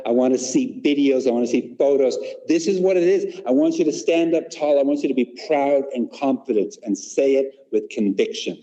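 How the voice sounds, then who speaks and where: A man running a live online workshop for teachers, energetic and demonstrative, often checking in with "right?". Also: mid-range voice, normal speed, few pauses, in a large hall. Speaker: teacher trainer.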